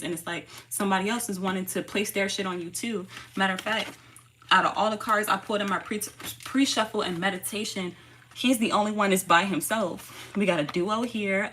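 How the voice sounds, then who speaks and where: Woman doing a chill slangy tarot reading, bright voice, keeps repeating stuff for emphasis. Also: medium pitch, a little hiss or hum. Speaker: tarot reader. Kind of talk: casual spoken tarot reading.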